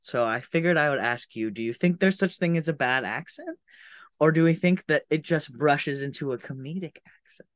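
A woman from the Pacific Northwest co-hosting a podcast in casual chat, animated and laughing often. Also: low-pitched, moderate pace, no echo, studio quality. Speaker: podcast co-host.

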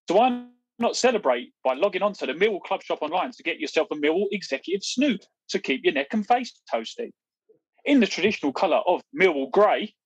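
A man co-hosting a podcast, reading a mock advert in salesman patter with deadpan sarcasm. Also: high-pitched, no room sound, poor audio. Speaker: podcast co-host.

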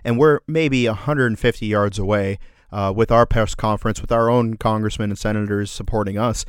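Low-voiced, earnest cursing man. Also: fairly even intonation, fairly quick, clean tone, no echo, clean studio sound. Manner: profane, earnest, filler-heavy. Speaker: podcast co-host. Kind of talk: casual ranting chat.

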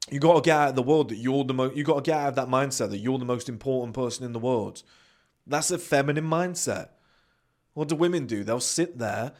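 Blunt, swearing British man. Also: mid-range voice. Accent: British English. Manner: blunt and profane, acts out quoted voices. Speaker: podcast host. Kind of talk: motivational monologue.

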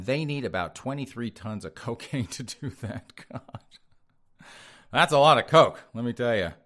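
A podcast host with a medium-pitched, fairly bright voice reads headlines and mocks them with sneering sarcasm. He frequently laughs at his own jokes during this sarcastic news commentary.

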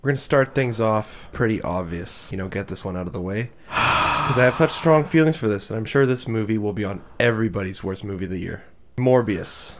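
Animated man who laughs easily. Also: fairly low pitch, brisk, a little hiss or hum. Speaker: podcast co-host. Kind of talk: casual chat about movies.

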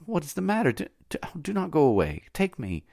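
A doting old nurse, a slave woman who grumbles and pleads with her mistress in a raised, fretful voice, put on by a man. Gravelly fry runs under the lifted pitch, and the sound is close and dry. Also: wildly swooping pitch, a little fast, darkish tone, no echo, heavily acted. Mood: pleading.

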